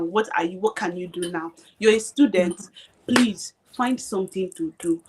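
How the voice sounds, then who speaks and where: A woman's voice: medium pitch, animated, normal speed, a little hiss or hum. A young woman guest on a live stream, speaking emphatically and repeating her points, often checking that she is understood. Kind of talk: motivational live-stream chat.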